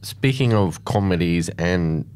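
A man's voice: sits low, expressive, a little slow, a little mellow. A man co-hosting a casual radio chat, curious and teasing, always asking questions.

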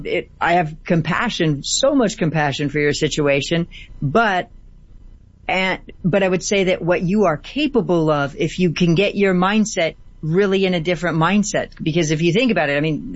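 A woman appearing as a guest on a call-in radio show who gives gentle advice and often repeats words for emphasis. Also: on the low side, dry recording. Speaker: guest healer. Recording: dry, slightly dull audio.

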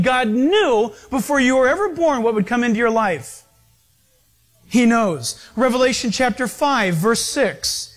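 A man preaching a sermon in a church, emphatic and speaking straight to his congregation. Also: very high voice. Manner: emphatic, addresses congregation directly.

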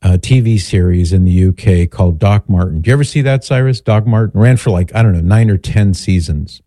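Guy hosting a call-in style show, low warm voice, wanders off on tangents, dry studio sound. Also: a little fast, no echo. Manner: chatty, digressive storytelling. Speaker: host answering listener questions. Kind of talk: casual radio-style chat.

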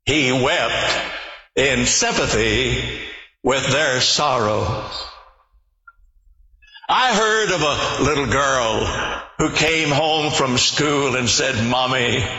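Slow, deliberate preacher in a hall. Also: male voice, medium pitch, pushed and bright. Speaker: pastor. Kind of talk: sermon. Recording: echoey hall with long reverb.

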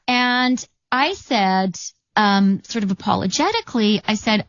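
A Canadian woman politician answering interview questions in a measured, earnest way, telling anecdotes. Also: mid-range voice, expressive, fairly bright tone, no room sound, muffled recording. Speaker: politician guest.

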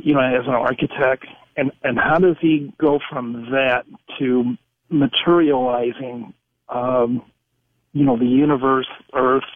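A man calling in to a radio show, asking a long question with many halting restarts. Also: medium pitch, no room sound. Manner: halting, searching for words. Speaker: caller. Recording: phone-like radio line.

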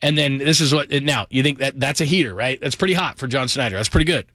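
A middle-aged man delivers a fired-up football talk monologue, hammering his points with emphatic repeats and quick asides. His voice sits in an ordinary middle register. The recording is dry and close, with no room sound. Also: mid-range voice, bright, forceful tone, no echo. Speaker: football commentator.

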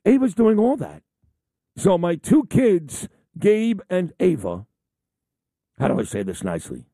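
A middle-aged man talking on the radio in a casual, boastful, rambling way. His voice is somewhat high and swings widely in pitch, with a warm, mellow tone. The sound is close and dry. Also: sing-song, unhurried, no room sound. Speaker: radio talk show host. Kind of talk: casual on-air chat.

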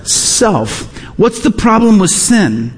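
A man's voice: high voice, sing-song, slow, breathy edge. A middle-aged man preaching a sermon as pastor, stressing points by repeating key words. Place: large church hall. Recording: reverberant hall.

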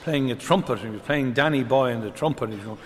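An older man, telling a string of deadpan one-liner jokes on stage. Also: medium pitch, quick pace, long reverb tail, slight background noise. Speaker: comedian. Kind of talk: stand-up joke telling.

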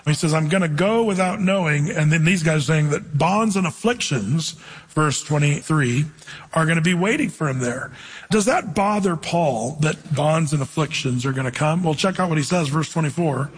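A man's voice: on the high side, lively intonation, normal speed, husky, in a large hall. A man preaching a sermon, teaching from the Bible in a conversational way with stories from his own life. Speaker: pastor.

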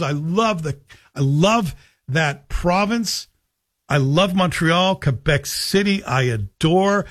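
A man's voice: fairly high pitch, a bit bright. Sarcastic male talk radio host. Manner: sarcastic, joking. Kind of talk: radio monologue.

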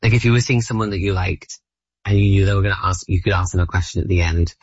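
Talking fast in a low, husky voice, this Australian man in his thirties appears as a comedian guest in a casual interview, rambling and self-deprecating with plenty of fillers. The broadcast sound is muffled and dry, with no room sound.

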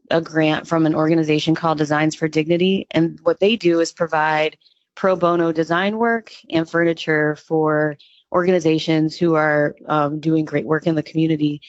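Enthusiastic low-voiced woman, dull lo-fi sound. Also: dry recording. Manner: enthusiastic, with frequent "um" fillers. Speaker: executive director of a youth music nonprofit. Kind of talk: radio interview guest.

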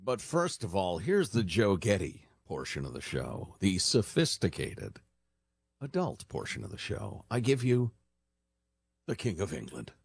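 A man's voice: lowish voice, huge pitch swings, gravelly, darkish tone, breathy edge, dry recording. A man co-hosting a radio talk show, jokey and teasing in casual banter. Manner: jokey, teasing, quick to laugh.

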